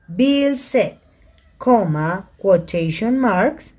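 Speaking slowly in a mid-range voice that's a little mellow with a breathy edge and big swings in pitch, a woman runs an English grammar lesson online. Spanish is her first language and shows in her accent; she reads examples aloud and explains in Spanish, heard through a computer mic on a video call.

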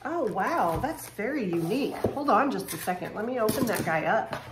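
A woman chatting casually to camera as she unboxes home decor, excitable and gushing, with quick bursts of surprise. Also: mid-range voice. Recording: echoey room with faint noise.

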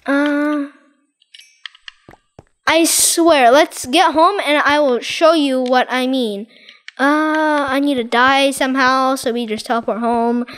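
A woman giving excitable, dramatic commentary over her Minecraft gameplay, exclaiming and repeating herself. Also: sits high, slight background noise. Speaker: gaming channel host.

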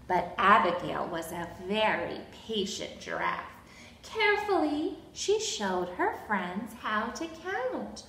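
A woman's voice: mid-range voice, wildly swooping pitch, slow, pushed and bright, slight background noise. A woman librarian reading a picture book aloud at a children's storytime, sing-song and gasping with cheerful encouragement. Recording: roomy echo.

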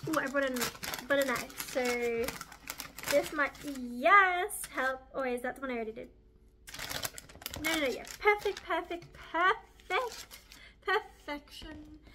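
A young woman vlogging in a chatty, excitable, gushing way as she assembles a baking project. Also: sits high, measured pace, background noise. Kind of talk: casual baking vlog.

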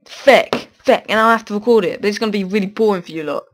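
A man's voice: high voice, quick pace, slight background noise. Man muttering over a game on headset. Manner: mutters to himself, swears often, bursts of excitement. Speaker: gaming channel host. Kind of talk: casual gameplay commentary.

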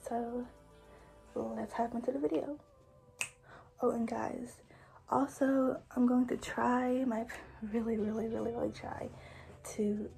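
A woman's voice: fairly high pitch, vocal fry, mellow, poor audio. A young adult woman vlogging a home workout, chatting with viewers while slightly out of breath. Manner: chatty, filler-heavy, addresses viewers as you guys. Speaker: fitness vlogger. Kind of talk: casual vlog talk to viewers.

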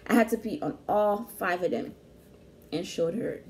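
A young woman telling a story in casual chat, animated and slangy, laughing often. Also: medium pitch, normal speed, background noise. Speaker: vlog host.

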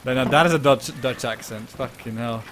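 Excitable swearing man on game commentary. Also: mid-range voice, normal speed, a little hiss or hum. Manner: excitable, swearing, laughs a lot. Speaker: gaming video host. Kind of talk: gameplay commentary.

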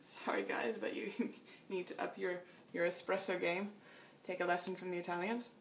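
A woman's voice: lowish voice, steady tone, moderate pace, creaky, distant mic, slight background noise. Tired woman vlogging from a motel room. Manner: chatty, laughing often. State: tired after a long flight. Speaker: long-distance cyclist vlogging. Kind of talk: casual video diary.

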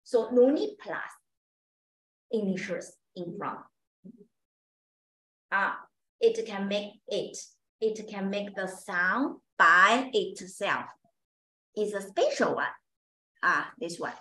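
A woman's voice: mid-range voice, lively intonation, takes it slowly, long pauses, bright, forceful tone, reverberant, rough recording. A woman teaching an online Chinese pronunciation class, speaking simple non-native English and patiently repeating sounds for her students.

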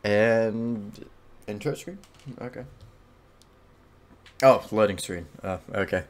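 A man's voice: lowish voice, slow. A man giving casual let's-play commentary while gaming, laughing often, swearing and reacting with surprise. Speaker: gamer playing a video game.

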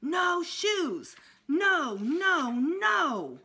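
A woman's voice: wildly swooping pitch, very slow, bright, forceful tone, heavily acted. A woman voicing a stubborn little boy who hollers through a tantrum, in a storybook reading. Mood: defiant. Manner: shrill hollering. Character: small boy, stubborn toddler prone to tantrums.

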